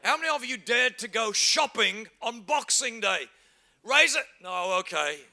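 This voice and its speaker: A middle-aged man, preaching a humorous sermon that acts out everyday scenes and bursts into shouts for emphasis. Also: very high-pitched, expressive, measured pace, creaky. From England. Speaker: pastor.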